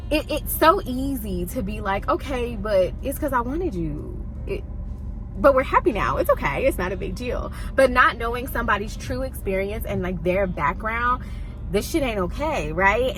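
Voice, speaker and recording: A young woman chatting casually to her viewers in a book vlog, expressive and gushing, laughing often as she talks straight to them. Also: fairly high pitch. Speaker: book vlogger.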